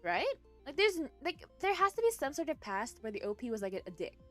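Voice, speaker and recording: A woman streamer reading online posts aloud and reacting to them, breaking into loud cursing outbursts between passages. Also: high-pitched, big pitch swings, fast talker, faint music behind.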